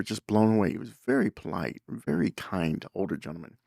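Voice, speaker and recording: Deep gravelly man telling a story. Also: very animated, a little fast, warm tone, no room sound, clean studio sound. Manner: rambling, with many fillers and self-corrections. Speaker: podcast host. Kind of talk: casual storytelling monologue.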